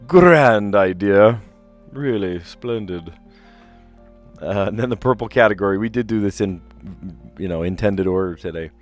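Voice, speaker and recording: A man streaming himself solving word puzzles, chatting casually and thinking out loud as he reads clues. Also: deep voice, steady tone, quick pace, soft background music. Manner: chatty, rambling, reads clues aloud and muses over answers. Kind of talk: casual live-stream commentary, thinking aloud.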